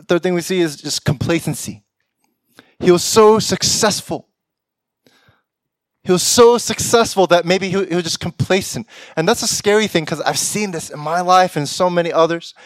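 In a slightly high voice, a young pastor of Korean heritage preaches, frequently laughing and voicing imagined characters' lines as he goes. The recording is dry and studio quality.

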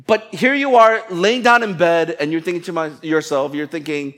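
A pastor with a voice on the high side preaches a sermon at a moderate pace, hardly pausing, in a fairly bright tone. His delivery is conversational and playful, and he acts out people's inner thoughts as he goes.

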